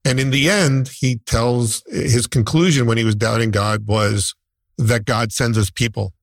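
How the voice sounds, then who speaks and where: A man's voice: mid-range voice, steady tone, measured pace, gravelly, no echo. Heartfelt middle-aged man in conversation. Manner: heartfelt, emphatic. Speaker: neonatal nurse.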